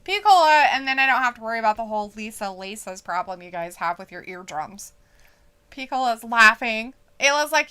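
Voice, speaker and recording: A woman's voice: on the high side, lively intonation, moderate pace, bright, forceful tone, clear, resonant tone. A woman from Idaho co-hosting a wrestling watch-along stream, chatting casually, reading out the live chat and laughing often.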